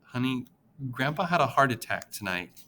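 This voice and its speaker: A man's voice: medium pitch, sing-song, moderate pace, sharp tone, a little hiss or hum. A man voicing a grieving, tender elderly grandmother who consoles her grandchild.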